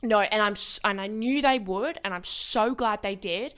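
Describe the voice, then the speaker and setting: A woman's voice: medium pitch, normal speed, a bit bright. A young woman co-hosting a podcast, chatting casually, swearing and saying "like" often. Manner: casual, swears, says "like" a lot. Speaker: podcast co-host. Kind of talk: casual chat.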